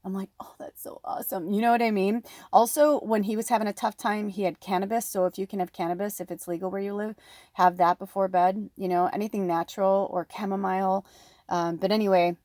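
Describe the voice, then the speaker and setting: A woman's voice: mid-range voice, flat delivery, fairly quick, darkish tone, dry recording. A middle-aged woman giving a chatty pick-a-card tarot reading, talking close to the microphone. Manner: chatty, breathy asides, close to the mic. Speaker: tarot reader.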